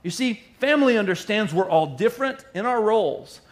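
A man's voice: high voice, lively intonation, brisk. A middle-aged male pastor preaching a sermon in a playful way, repeating lines for emphasis.

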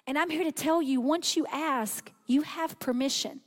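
A woman preaching a sermon in a conversational, animated way, acting out the inner voices of her listeners. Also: high voice, moderate pace.

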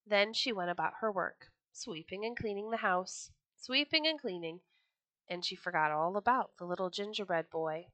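Bright-voiced woman reading a storybook. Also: medium pitch, normal speed, dry recording. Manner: expressive, lively reading. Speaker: storyteller, podcast host.

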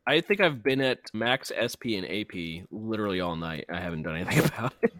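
A man's voice: lowish voice, lively intonation, fairly quick, fairly bright tone, no echo, studio quality. A man chatting casually while streaming an online game, joking around and explaining how the game works. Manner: playful, jokey, explains game mechanics. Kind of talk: casual gaming chat.

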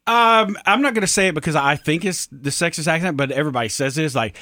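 A man's voice: on the high side, fast, pushed and bright. A man co-hosting a morning radio show with wry jokes. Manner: wry, joking. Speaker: radio co-host.

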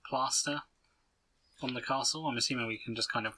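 Very bright-voiced man asking questions. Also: medium pitch, steady tone, brisk, low-quality recording. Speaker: player. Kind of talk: casual tabletop game chat. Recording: faint background noise.

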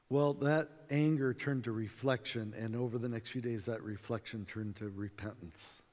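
A man giving a storytelling talk to a conference audience, acting out dialogue in an animated way, with reverb from a hall. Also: medium pitch, normal speed, hardly any pauses. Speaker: conference speaker.

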